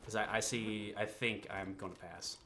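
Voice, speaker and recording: A man's voice: fairly low pitch, steady tone, normal speed, bright, forceful tone, slight background noise. A young man in casual livestream commentary, rambling and self-deprecating, with a sarcastic streak. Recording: game music behind the voice.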